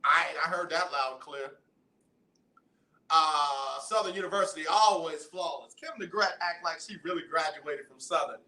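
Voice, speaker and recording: A man hosts a call-in radio show from the studio, bantering and teasing his listeners. His voice sits a little high and sounds bright and forceful. The studio adds a roomy echo. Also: normal speed. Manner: animated, banters with listeners and callers. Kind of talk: casual radio talk.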